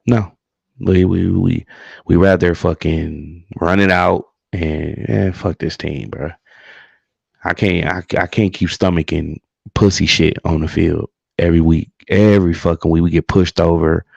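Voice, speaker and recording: A man's low, gravelly, slightly mellow voice carries a profane, heated sports rant about his team while co-hosting a livestream, and he keeps repeating himself in casual talk. The sound is lo-fi with no room sound.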